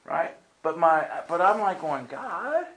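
A man's voice: mid-range voice, moderate pace, fairly bright tone. A man preaching to a live audience, telling a story and acting out the voices of the people in it. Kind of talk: storytelling sermon. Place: meeting room with audience. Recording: roomy hall sound.

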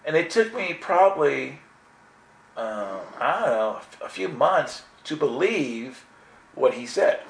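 A man giving an earnest, animated personal spiritual testimony, full of restarts. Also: a little high. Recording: echoey room.

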